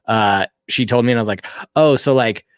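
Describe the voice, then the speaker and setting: A man's voice: mid-range voice, fairly quick, clear, resonant tone, dry recording. Upbeat male podcast host, dry sound. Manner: upbeat, laughs often, reads sponsor plugs. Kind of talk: casual interview chat.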